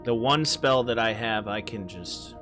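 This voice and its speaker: A man playing in a tabletop game, animated and quick to laugh. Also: on the low side, over music. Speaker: player. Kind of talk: casual tabletop play.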